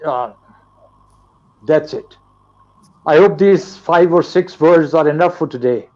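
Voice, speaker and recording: An older man from Pakistan lectures slowly and carefully, spacing out each phrase. His voice sits a bit high for a man and comes through dull, lo-fi live stream audio. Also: darkish tone. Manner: slow, deliberate, lecturing. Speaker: guest teacher. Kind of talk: live online English lesson.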